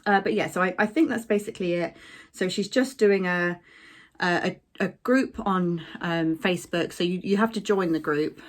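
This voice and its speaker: A woman's voice: lowish voice, moderate pace. Casting: young woman, crafting vlogger, easygoing rambling chat full of fillers. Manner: chatty, rambling with many ums and likes. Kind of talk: casual chat.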